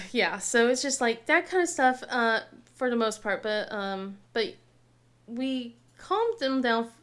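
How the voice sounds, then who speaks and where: A woman's voice: a little high, animated, takes it slowly, a bit bright. Chatty, laughing woman telling family stories. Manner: chatty storyteller, laughs often, acts out family quotes. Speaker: craft vlogger. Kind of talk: casual chat while crafting.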